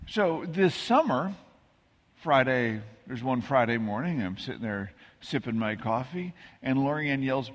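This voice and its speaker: Husky-voiced man preaching in a reverberant church. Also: mid-range voice. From American Midwest. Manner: conversational, self-deprecating storytelling with asides. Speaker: pastor. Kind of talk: sermon. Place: church sanctuary.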